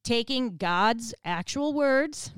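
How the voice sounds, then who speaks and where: A woman giving a casual Bible teaching, chatty and animated, laughing often as she paraphrases. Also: a little high, slow pace, clear, resonant tone, no room sound.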